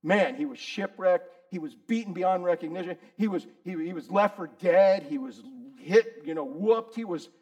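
A middle-aged man preaching a sermon in a conversational way, talking to his listeners by name and rising to loud emphasis. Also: high voice, moderate pace, few pauses.

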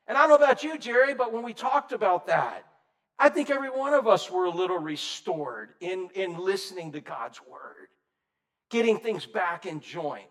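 A man preaching an informal sermon to a men's group, folksy and rambling, swinging between loud and soft. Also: high-pitched, lively intonation, moderate pace. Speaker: preacher leading a men's Bible study.

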